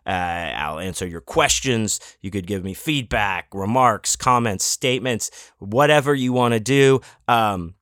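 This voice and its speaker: Rambling low-voiced podcast host. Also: male voice, unhurried, hardly any pauses, a bit bright, no echo, clean studio sound. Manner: rambling and playful, many fillers and restarts. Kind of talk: casual solo podcast talk.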